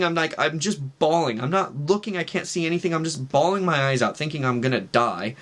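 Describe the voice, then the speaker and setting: A man in his thirties tells a personal story in a casual, earnest way. His voice sits a little high, and he keeps checking in with fillers like "right" and "like". He sounds heartfelt and conversational. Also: lively intonation, fairly quick, hardly any pauses, a bit bright. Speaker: vlogger sharing a testimony.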